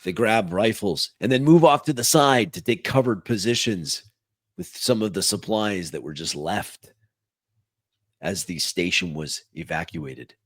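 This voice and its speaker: A man narrating as game master of a tabletop game, in a lowish voice at an unhurried pace. His descriptions come across measured and the sound is dry and close. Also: lively intonation, dry recording.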